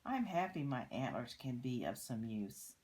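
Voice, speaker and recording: Older woman as a kind male moose, low voice, slow and easy. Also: very animated, darkish tone, exaggerated voice. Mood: friendly. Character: big kind-hearted male moose, gentle.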